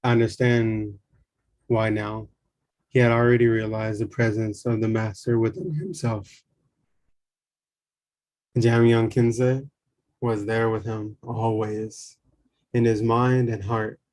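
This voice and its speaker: A man reading a spiritual memoir aloud in a calm, measured way. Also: on the low side. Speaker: reader.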